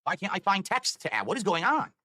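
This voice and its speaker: A man's voice: high voice, huge pitch swings, quick pace, sharp tone, dry recording. A man streaming live, rambling in an exasperated way and swearing as he talks. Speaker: livestreamer.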